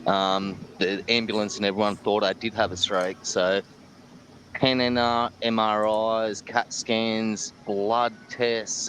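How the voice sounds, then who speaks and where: A man's voice: lowish voice, fairly even intonation, a little slow, fairly bright tone, slight background noise, low-quality recording. An Australian man being interviewed about eating chilli, chatting casually and bluntly, joking and laughing as he talks. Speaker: guest, chilli-eating champion.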